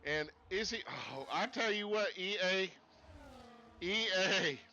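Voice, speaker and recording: A man's voice: high-pitched, slow pace, bright, forceful tone, a little hiss or hum, rough recording. A man doing live sim racing commentary in a put-on Southern US accent, rambling and folksy with jokey asides, speaking from a desk streaming setup. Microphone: streaming setup at a desk with screens.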